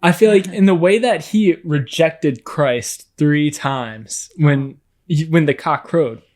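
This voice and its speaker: A man's voice: on the high side, slow, darkish tone. A man on a podcast, talking casually and reflectively about faith, hesitant at the start of his thoughts. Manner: hesitant, restarts, then reflective. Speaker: podcast co-host.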